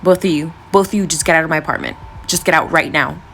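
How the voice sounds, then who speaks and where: A woman imitating a gravelly, furious man. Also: sits low, fairly even intonation, fast, a bit bright, slight background noise, voice pushed down. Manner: barking, repetitive. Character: angry young man yelling at guests.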